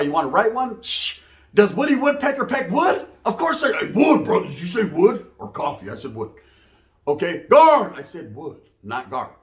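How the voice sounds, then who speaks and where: High-pitched streetwise storyteller man. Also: fairly bright tone. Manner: streetwise slang, acts out dialogue, frequent "you know what I mean". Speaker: storyteller recounting prison life. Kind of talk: casual storytelling.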